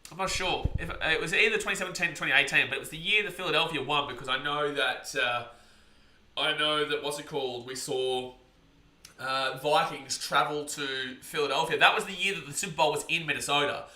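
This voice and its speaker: A man giving live play-by-play reactions on a stream, chatting with viewers and shouting over big plays. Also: fairly high pitch, a little fast, roomy sound.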